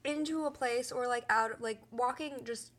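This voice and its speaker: Bright young woman podcast co-host. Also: fairly high pitch, normal speed. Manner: reactive, exclaims often. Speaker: true crime podcast co-host. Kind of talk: casual chat. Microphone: podcast mic.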